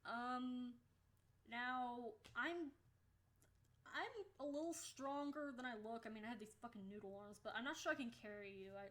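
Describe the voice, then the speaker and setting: A woman's voice: on the high side, moderate pace, fairly bright tone. A young woman from the United States chatting casually in a vlog, blunt and swearing offhandedly. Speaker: vlogger.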